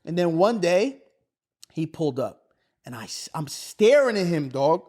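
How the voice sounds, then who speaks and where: A man's voice: on the high side, very animated, measured pace, darkish tone. A man, co-hosting a podcast, telling a story in a casual way and acting out the voices of the people in it, with a lot of swearing. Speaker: podcast co-host.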